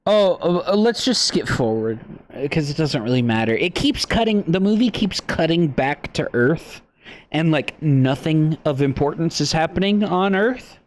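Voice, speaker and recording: A man's voice: on the high side, lively intonation, moderate pace, no echo. A young man casually recapping a movie on a livestream, rambling and swearing offhandedly.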